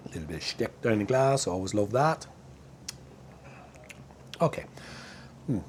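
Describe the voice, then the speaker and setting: Reviewing a beer in his backyard, a middle-aged man from Northern Ireland talks casually and laughs in his native accent. His fairly low voice is animated yet slightly slow and a bit mellow, with some light background noise.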